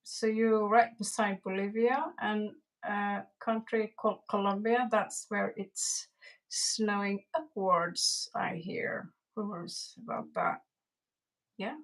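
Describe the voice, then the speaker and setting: A woman giving a chatty, rambling tarot reading on a live stream. She talks slowly, and her voice has a gravelly fry. Her pitch sits at an ordinary middle level. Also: steady tone, rough recording. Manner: rambling, chatty, greets viewers and mixes in Spanish. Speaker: tarot reader.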